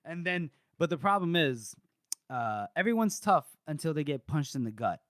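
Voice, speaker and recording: A man's voice: fairly high pitch, sing-song, normal speed, a bit bright, no room sound, studio quality. A man co-hosting a casual book podcast, animatedly retelling scenes, acting out quotes and swearing. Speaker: podcast co-host.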